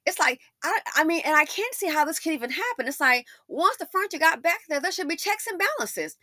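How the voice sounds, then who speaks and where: A woman's voice: extremely high pitch, sing-song, a little fast, few pauses, sharp tone, no echo, studio quality. A woman doing casual storytime commentary, emphatic and full of rhetorical questions, often repeating herself.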